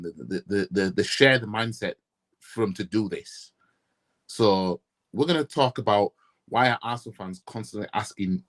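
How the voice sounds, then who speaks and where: A blunt man from Yorkshire rants into the camera as a football fan vlogger, swearing and firing off rhetorical questions. His pitch swings widely as he repeats himself for emphasis. His voice has a husky, slightly rough edge. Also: a bit bright. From Yorkshire, England. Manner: blunt, profane, repetitive ranting with rhetorical questions. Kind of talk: ranting casual vlog.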